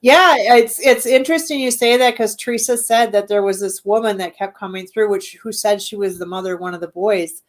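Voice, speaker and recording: A woman's voice: mid-range voice, brisk, few pauses. A woman owner of a haunted venue, chatting casually as a guest and rambling with many ums. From Midwestern United States. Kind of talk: casual interview chat.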